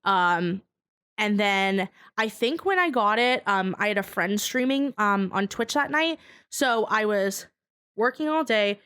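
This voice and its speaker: A woman telling a story in casual podcast chat, animated and laughing often, swearing freely. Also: medium pitch, measured pace, clean tone. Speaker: podcast guest.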